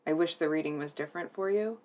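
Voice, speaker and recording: A tarot reader is doing a reading for her viewers, her low voice moving fast. She speaks softly and hesitantly, with plenty of fillers and restarts. She sounds earnest and emotionally moved.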